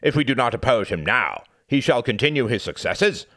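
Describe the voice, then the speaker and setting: A man's voice: medium pitch, brisk, dry recording, clean studio sound, exaggerated voice. A man voicing a blunt, scornful aging British statesman in an audiobook, arguing emphatically. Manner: emphatic, lively argumentative delivery. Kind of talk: audiobook character reading.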